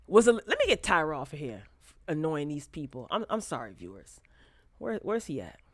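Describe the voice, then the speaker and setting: A woman hosting a casual pop culture commentary show, animated and sassy, talking straight to her viewers on a close mic. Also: deep voice, normal speed, no room sound. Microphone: close desk mic.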